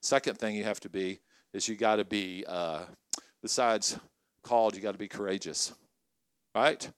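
A middle-aged man preaching a sermon to college ministry leaders, conversational and energetic, often asking the crowd questions. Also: fairly low pitch, moderate pace, smooth, dry recording. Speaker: pastor.

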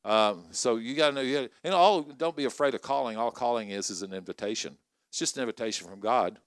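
A middle-aged man preaching a sermon to college ministry leaders, conversational and energetic, often asking the crowd questions. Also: mid-range voice, fast, dry recording. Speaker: pastor.

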